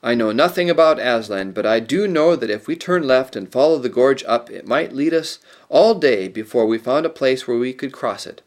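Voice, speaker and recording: A man's voice: medium pitch, expressive, normal speed, few pauses, close to an everyday voice. A man voicing a blunt, practical and skeptical male dwarf in a storybook reading, speaking sternly. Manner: stern, matter-of-fact.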